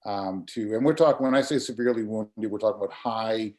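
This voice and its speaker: A middle-aged man, a graphic designer and community volunteer, talking casually in an online community meeting over a video call. He speaks earnestly and haltingly, often repeating words as he gathers his thoughts. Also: lowish voice, a little mellow.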